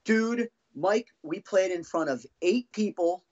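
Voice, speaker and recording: A man's voice: high voice, slow pace, a little mellow, dull audio. A middle-aged man, a former band drummer, telling heated, profane stories as a podcast guest. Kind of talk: casual storytelling.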